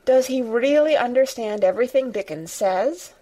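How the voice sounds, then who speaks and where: A woman reading aloud, voicing an excitable invalid boy in a storybook. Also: fairly high pitch, normal speed, pitched above the performer's own voice. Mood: wistful.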